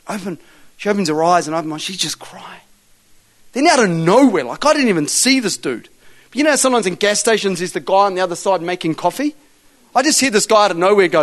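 A man preaching a sermon, telling a testimony story and acting out the dialogue before building to forceful exhortation. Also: high voice, lively intonation, brisk.

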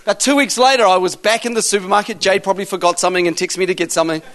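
A man preaching and telling lively stories, acting out both sides of conversations with loud bursts. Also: sits high, rapid-fire. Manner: animated storyteller acting out dialogue, loud bursts. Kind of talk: sermon storytelling.

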